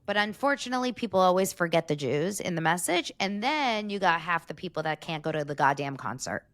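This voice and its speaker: A woman co-hosting a podcast in casual chat, animated and mimicking crowd screams as she tells stories. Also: on the low side, brisk, dry recording. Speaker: podcast co-host.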